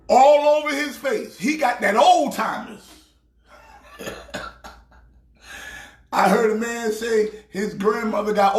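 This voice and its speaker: A man with a very high, bright voice rants and shouts at a slow, drawn-out pace. He is a pastor mocking a team for laughs. His voice echoes around the room. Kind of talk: comedic sports rant.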